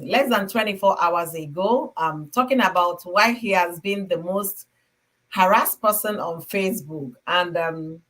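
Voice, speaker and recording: A woman's voice: fairly low pitch, a bit bright. Woman, Nigerian accent, livestream host, chatty, casual commentary, home recording, close device mic. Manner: chatty, greets viewers by name.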